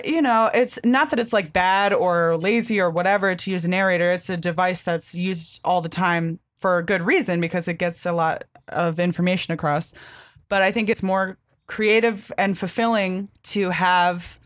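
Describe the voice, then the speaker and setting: A woman co-hosting a casual chat about comics. She talks in an animated way, with many fillers, and acts out lines of dialogue in quick put-on voices. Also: lowish voice, no room sound, studio quality. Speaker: podcast co-host.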